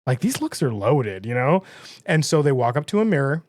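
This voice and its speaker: A podcast host recaps an episode in a casual, chatty way, laughing easily and dropping briefly into character voices. His voice is medium in pitch with a sing-song quality.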